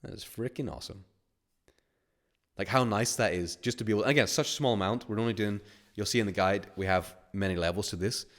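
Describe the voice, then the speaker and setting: Lowish-voiced guy coaching a webinar, rambly, lots of like, acts stuff out. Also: quick pace, fairly bright tone. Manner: rambling, filler-heavy, acts out little scenarios. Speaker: webinar host and money-mindset coach. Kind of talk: casual webinar teaching.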